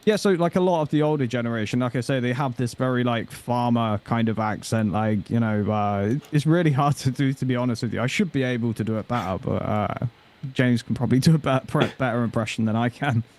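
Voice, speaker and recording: Man, english, hesitant, lots of ums and sort-ofs, mid pitch. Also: fairly quick, a little mellow. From England. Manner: hesitant, many fillers. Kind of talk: casual chat.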